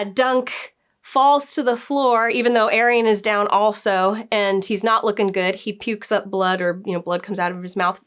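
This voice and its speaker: A woman who works as a book editor, chatting casually through a TV episode review and acting out the characters' lines as she goes. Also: mid-range voice.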